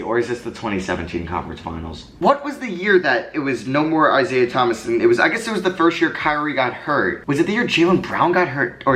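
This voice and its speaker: Young guy commentating his own basketball game, super animated voice, mutters then yells. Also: a little high. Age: young adult. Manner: excitable, swings from muttering to yelling. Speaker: gaming commentator.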